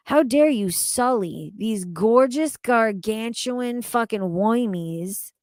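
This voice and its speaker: Slow-talking profane woman streamer. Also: fairly high pitch, animated, no echo. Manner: loud, profane, laughing often. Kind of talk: casual livestream chat.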